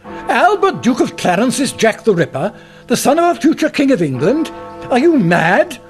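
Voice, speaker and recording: A blustering superintendent. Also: male voice, very high voice, sing-song, normal speed, faint music behind. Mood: stern. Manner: authoritative, scolding. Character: stern, blustering male police superintendent, older. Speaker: police superintendent. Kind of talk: radio drama acting.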